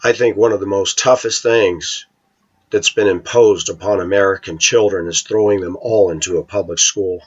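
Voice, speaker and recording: A man's voice: sits low, fairly even intonation, moderate pace, husky. A middle-aged man talking to his viewers in a rambling, opinionated monologue. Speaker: vlogger. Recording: dull lo-fi recording.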